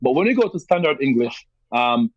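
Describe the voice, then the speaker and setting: A man's voice: medium pitch, moderate pace, no echo, highs cut off. A man from Jamaica with a strong Jamaican accent, speaking as a guest in a podcast interview, explaining emphatically and repeating himself as he goes. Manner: emphatic, animated explaining with repetitions.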